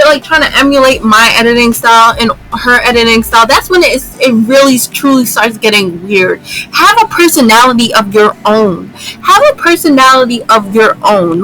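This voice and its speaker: Bright-voiced young woman ranting on a vlog. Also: on the high side, low-quality recording. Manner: exasperated, repeats lines for emphasis. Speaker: YouTuber. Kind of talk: vlog commentary rant.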